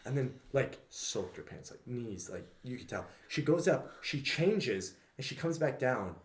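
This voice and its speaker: A man's voice: medium pitch, lively intonation, a little slow. A young man co-hosting a casual podcast, telling funny stories and laughing often as he goes. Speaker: podcast co-host. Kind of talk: casual storytelling chat. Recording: roomy, echoey room.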